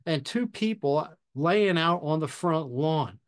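A man hosting a podcast, telling a fire service story in a measured, deliberate way with pauses. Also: fairly high pitch, expressive. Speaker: podcast host and fire officer instructor. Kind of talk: storytelling anecdote.

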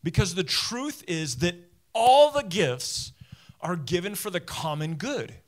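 Animated pastor preaching from the stage. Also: male voice, sits high, takes it slowly. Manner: conversational, animated, talks straight to listeners; self-deprecating humor. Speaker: teaching pastor. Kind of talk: sermon. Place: church stage.

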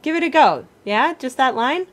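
A woman's voice: high voice, animated, normal speed, a bit bright. Encouraging woman teaching singing online. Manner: encouraging, demonstrates phrases by singing. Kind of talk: online vocal workshop. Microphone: video call.

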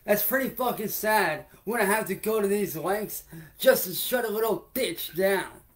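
High-voiced man in a profane rant. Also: expressive, moderate pace. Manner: heated, profane, confrontational; repetitive, addresses a heckler then the audience. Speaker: livestreamer. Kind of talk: angry livestream rant to viewers.

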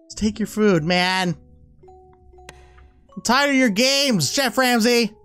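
A man playing a horror game on a headset mic, excitable, laughing often and swearing at the game. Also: high voice, slow, clean tone, soft background music. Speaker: gaming YouTuber. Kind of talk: let's-play commentary.

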